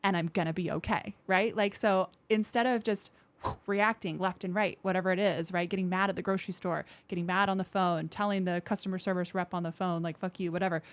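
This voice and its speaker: Candid, expressive woman with a low voice. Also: brisk, dry recording. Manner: candid and expressive, acts out quoted thoughts in lively voices; frank, with occasional swearing. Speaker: podcast guest, military veteran. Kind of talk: casual interview talk.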